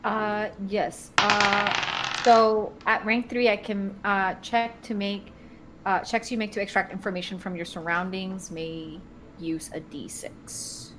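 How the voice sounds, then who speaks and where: A woman's voice: medium pitch, steady tone, takes it slowly, background noise. A woman playing a tabletop game, hesitantly checking rules with the game master. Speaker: player.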